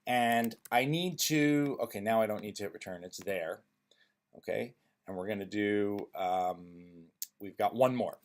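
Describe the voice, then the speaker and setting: A man presenting a music software tutorial, thinking aloud with frequent ums and restarts as he works. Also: sits low, fairly even intonation, moderate pace. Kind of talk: screen-recorded software tutorial.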